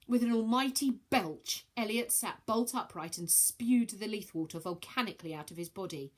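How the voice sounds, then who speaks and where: A woman reading a children's novel aloud, switching into many character voices with shouts and whispers. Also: medium pitch, normal speed. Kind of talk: expressive storybook read-aloud.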